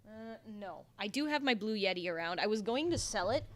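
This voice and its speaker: A woman's voice: medium pitch, expressive, a little fast. A young woman streaming live at home into a desk microphone, chatting casually and rambling to herself as she works and answers chat. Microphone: desktop microphone.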